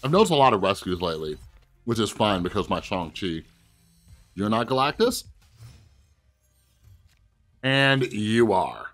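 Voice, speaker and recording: A low-pitched man talks his viewers through a card game, his voice swinging widely between calm asides and excited outbursts. He chats casually into a desk mic, addressing the audience directly, with faint music playing underneath. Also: unhurried, pauses often. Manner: animated, chatty, talks to viewers, bursts of excitement. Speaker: gaming video host. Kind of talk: casual gameplay commentary.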